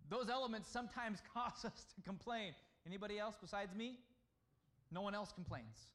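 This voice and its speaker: A man preaching a conversational sermon, at times dropping to a hushed voice to speak as God. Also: high-pitched, normal speed, long pauses. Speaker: pastor.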